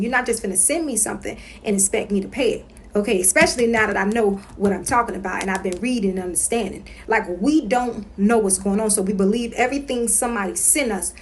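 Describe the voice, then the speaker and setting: A woman talking straight to her viewers in a casual home vlog. She is emphatic and repeats herself, and she keeps checking in with "okay?". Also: mid-range voice. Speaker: consumer-rights vlogger. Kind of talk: casual instructional monologue.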